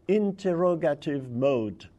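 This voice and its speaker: A man reading examples of literary wordplay aloud to an audience, with a playful and deliberate delivery. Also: fairly high pitch, mellow, highs cut off, a little hiss or hum. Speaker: speaker presenting literary wordplay.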